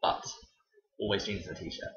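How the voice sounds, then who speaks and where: A young man who works as a teacher tells stories in a chatty, wry vlog. His voice is a bit bright, and he speaks at a moderate pace. The home recording sounds dull and roomy.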